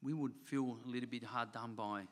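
A man's voice: medium pitch, fairly even intonation, brisk, a bit bright. A man preaching a sermon to his church. He talks earnestly, repeats phrases and asks the congregation rhetorical questions. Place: church hall. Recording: long hall reverb.

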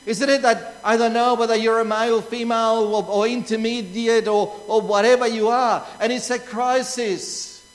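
A man's voice: extremely high pitch, steady tone, moderate pace, few pauses. A man with an Australian accent preaching a sermon, emphatic and repetitive, asking rhetorical questions. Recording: long reverb of a large hall.

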